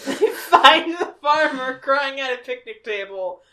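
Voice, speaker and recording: A woman podcast host casually recapping a cartoon episode, deadpan and quick to laugh. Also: high-pitched. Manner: laid-back, deadpan, laughs often.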